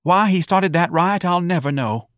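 A man doing a fretful, high-voiced office manager. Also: a bit bright, no echo, studio quality. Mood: sad, fretful. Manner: plaintive, fretful, high and drawn-out. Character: fussy nervous male office manager.

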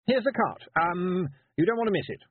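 A man's voice: sits high, expressive, a little fast, breathy edge, voice pushed up. A man voicing a nervous, blushing noble boy who stammers and hesitates in a storybook reading. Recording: tinny phone-like dry sound.

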